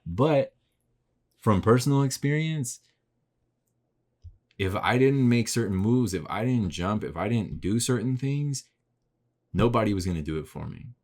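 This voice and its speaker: Deep-voiced man in a blunt, swearing vlog talk. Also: lively intonation, unhurried, pauses often, darkish tone. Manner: blunt, heavy swearing, rambling with repeated rhetorical questions. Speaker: vlogger. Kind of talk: casual motivational monologue to camera. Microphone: camera mic.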